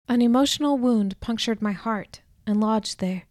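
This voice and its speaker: A woman narrating a first-person audiobook in an even, clear storytelling manner on a close studio mic. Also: on the high side, normal speed, dry recording.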